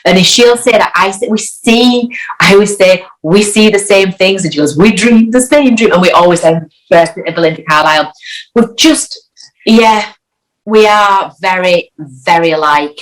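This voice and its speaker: A woman, chatting as an interview guest and telling a story with lively acted-out quotes. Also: mid-range voice, normal speed, low-quality recording. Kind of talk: casual anecdotal chat.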